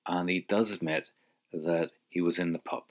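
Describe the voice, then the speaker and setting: A man's voice: low voice, steady tone, moderate pace. A man teaching an audio language lesson, patiently prompting the listener to answer.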